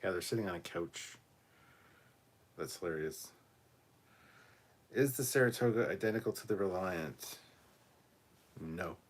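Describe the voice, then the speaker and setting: A man co-hosting a relaxed livestream chat from a room at home, reading viewer comments aloud and swearing freely. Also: lowish voice. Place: home room cluttered with costumes.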